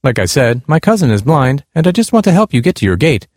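An overeager young man, confiding and insistent, his voice lifted and lively, as a male reader puts him on. The sound is close and dry. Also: on the high side, fast talker, no echo. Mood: eager, confiding.

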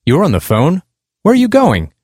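A man voicing a pushy stranger who keeps shouting insistent questions in an indignant tone. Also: on the high side, very animated, normal speed, no room sound, clean studio sound, pitched above the performer's own voice.

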